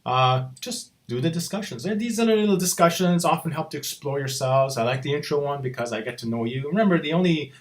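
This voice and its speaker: A man's voice: a little high, animated, fast, few pauses. Casual man walking students through a course site. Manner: casual, repeats "right?" after points. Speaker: college instructor. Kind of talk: recorded screen-walkthrough lecture.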